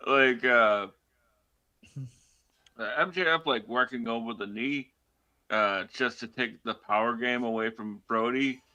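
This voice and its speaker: A man co-hosting a podcast in casual chat, laid-back and halting, with lots of fillers and laughter. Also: mid-range voice, sharp tone. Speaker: podcast co-host.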